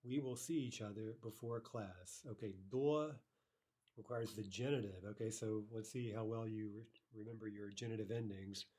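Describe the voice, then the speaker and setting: A man teaching a recorded language lesson, explaining grammar step by step, checking in with "right?" and repeating example phrases slowly and carefully. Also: on the low side, fairly even intonation, dark tone. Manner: explanatory, frequent "right?" checks, slow careful Russian repetitions.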